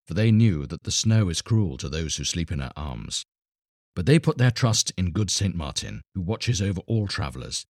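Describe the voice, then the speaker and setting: Deep-voiced, husky male storyteller. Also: dry recording, clean studio sound. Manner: expressive, measured storytelling. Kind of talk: children's story narration.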